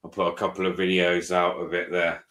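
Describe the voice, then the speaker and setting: A British man telling a story in casual live chat, animated and swearing a lot as he recounts it. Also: low-pitched, fairly quick. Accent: British English. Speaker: auditor streamer. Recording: roomy echo.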